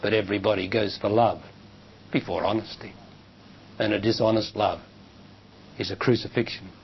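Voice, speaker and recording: A man giving a public spiritual talk and answering audience questions, measured and emphatic, in a dull lo-fi recording with faint hiss. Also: on the low side, steady tone, creaky. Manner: measured, emphatic, rises sharply when quoting others. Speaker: spiritual teacher. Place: lecture hall with audience.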